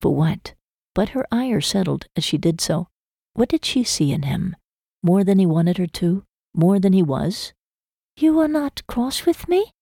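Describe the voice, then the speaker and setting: A woman narrating a romance novel in a measured, even storytelling manner. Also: fairly low pitch, gravelly, dry recording, clean studio sound. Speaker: audiobook narrator. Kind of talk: scripted narration.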